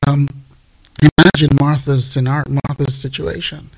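Man, gravelly, husky, slightly high voice, animated storyteller, casual faith chat. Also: moderate pace, poor audio.

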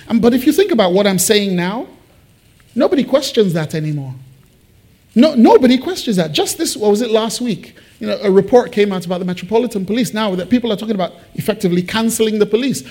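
Pastor guy, high voice, giving a sermon in a church, chatty and lively with little jokes. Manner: conversational, animated with joking asides. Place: church building.

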